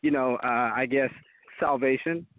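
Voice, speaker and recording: A man's voice: mid-range voice, unhurried, no echo. Emphatic man on a tinny phone line. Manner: emphatic, repetitive, preacherly. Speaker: Christian apologist guest. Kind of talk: call-in talk show debate.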